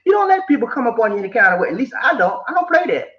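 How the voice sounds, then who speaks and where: With a voice high for a man, an older Southerner lectures casually, giving preachy, animated life advice that circles back on itself and includes quoted voices. The motivational vlog sounds roomy and dull.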